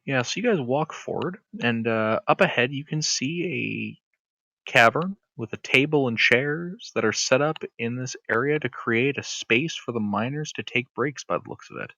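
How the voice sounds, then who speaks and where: A man narrating a tabletop game as game master, animated and descriptive. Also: mid-range voice, normal speed, vocal fry, no echo. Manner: lively, animated narration with sudden shrieks.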